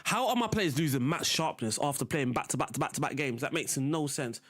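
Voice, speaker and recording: Young male streamer, casual running chat to viewers, lively pitch. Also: fairly quick. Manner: chatty, talks to chat while playing. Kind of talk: casual live-stream commentary.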